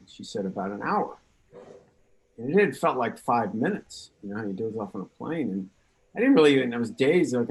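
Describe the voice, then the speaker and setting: An older man from California tells his story with energy, acting out what others said to him. His voice sits a little low. He speaks as a guest on a remote panel. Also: normal speed, poor audio. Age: 60s. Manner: lively anecdotal storyteller, acts out quotes. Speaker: patient guest.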